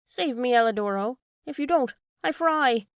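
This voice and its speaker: A woman's voice: a little high, moderate pace, no echo, clean studio sound, natural voice. A woman voicing a frightened wooden puppet boy who wails and pleads. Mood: wailing. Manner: wailing, pleading.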